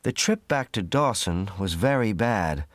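Male narrator, very deep voice, slow measured storybook reading, dry close sound. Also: expressive, dry recording. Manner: measured, clear reading for learners.

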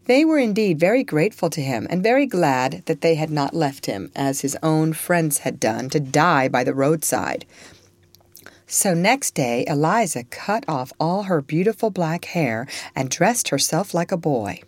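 A woman reading a classic story aloud in an expressive storybook style. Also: low-pitched, measured pace, dry recording. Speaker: narrator.

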